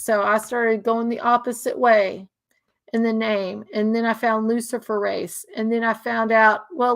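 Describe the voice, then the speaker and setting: Woman, slightly high voice, casual and earnest, stumbles through restarts and repeats key phrases. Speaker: speaker sharing religious views. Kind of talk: casual emotional monologue.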